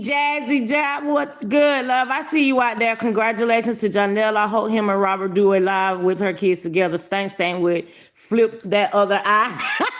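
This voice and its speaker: Brash, profane woman livestream commentator. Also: a little high. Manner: brash, profane, laughing, greets viewers by name.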